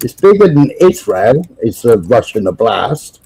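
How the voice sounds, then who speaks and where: A man speaks slowly and deliberately in a mellow, darkish voice, hosting a casual livestream chat. He lectures and argues his case point by point, checking in with "yeah?" and "right?" as he goes. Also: medium pitch, very animated, breathy edge, rough recording. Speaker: livestream host.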